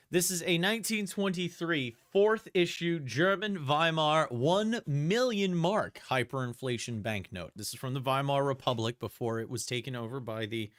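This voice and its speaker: A man hosting a live-stream coin auction, describing banknotes and coins and calling bids in a steady, chatty auction chant. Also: medium pitch.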